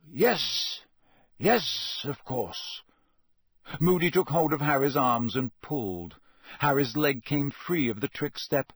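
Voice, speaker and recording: Husky male audiobook narrator. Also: medium pitch, no echo. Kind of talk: scripted narration.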